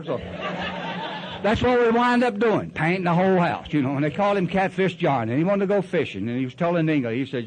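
A man's voice: medium pitch, lively intonation, moderate pace, a little mellow, muffled recording. An older man sharing his story at a recovery meeting in a rambling, folksy way, acting out other people's voices. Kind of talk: storytelling share.

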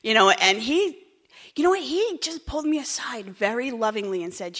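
A woman's voice: a little high, moderate pace. Candid Jersey woman in an echoey hall. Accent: New Jersey. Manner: candid, wry, swings between hushed and animated. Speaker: speaker sharing her story. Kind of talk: personal recovery talk.

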